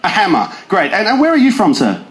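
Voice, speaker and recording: A young man doing a stand-up comedy set in a pub, with animated joke delivery and some shouted bits. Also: high voice, quick pace. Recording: roomy live venue sound.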